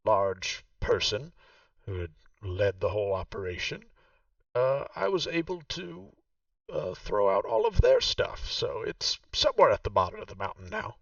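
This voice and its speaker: A witch with a high, lilting voice, sweet and pleading, as a man puts her on. Her voice swoops up and down with plenty of gravel underneath. The sound is dull and from a distance, with a dry room. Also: big pitch swings, moderate pace, a bit bright, no echo, exaggerated voice. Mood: wistful. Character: sunlit witch woman, sweet and coaxing.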